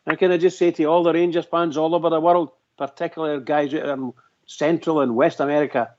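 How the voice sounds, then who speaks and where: A man's voice: fairly high pitch, level tone, fast talker, darkish tone. A man co-hosting a radio show, rallying fans with enthusiastic praise. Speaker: radio co-host. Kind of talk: casual radio sign-off. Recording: dull lo-fi audio.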